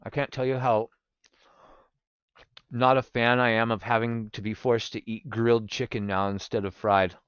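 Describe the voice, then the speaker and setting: A man's voice: medium pitch, moderate pace, clean tone, dry recording, highs cut off. A young man streaming live, chatting casually with his viewers and swearing freely. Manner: animated, swearing, talks to chat. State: recovering from gallstones.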